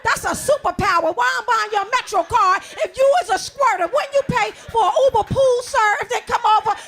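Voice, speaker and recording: High gravelly-voiced comedic woman. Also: a little fast, a little hiss or hum. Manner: bawdy, conversational, swings between loud shouting and low mutters. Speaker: stand-up comedian. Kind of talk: stand-up comedy set.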